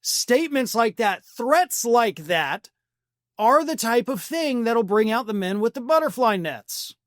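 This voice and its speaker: A man hosting a political commentary channel, ranting in a heated, insulting way. His voice sits high for a man. The sound is dry and close, with no room sound. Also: big pitch swings, measured pace, a bit bright, dry recording.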